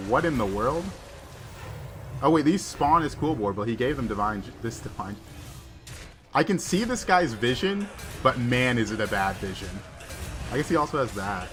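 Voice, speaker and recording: A man's voice: medium pitch, sing-song, moderate pace, a bit bright. A man from the southern US with a Southern accent, chatting casually while streaming a game and saying "like" often. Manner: chatty, filler-heavy with "like". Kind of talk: casual livestream commentary.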